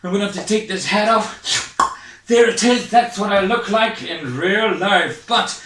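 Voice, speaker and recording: Breathless, jittery Scottish comedian. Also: male voice, high voice, a little slow, a bit bright. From Scotland. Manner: hyper, rambling, self-mocking. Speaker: stand-up comedian. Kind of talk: online stand-up set. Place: his home. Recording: echoey room, far from mic.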